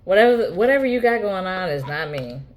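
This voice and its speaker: A woman's voice: medium pitch, lively intonation, a little fast, a little hiss or hum. A woman ranting bluntly in a casual vlog monologue, swearing freely. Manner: blunt, profane rant with mocking quoted voices. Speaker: vlogger.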